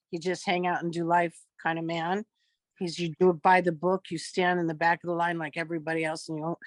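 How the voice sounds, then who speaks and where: A woman's voice: lowish voice, no room sound. A woman in her fifties, a guest actress, telling stories in a casual interview and acting out the dialogue as she goes. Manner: lively storyteller who acts out quoted dialogue.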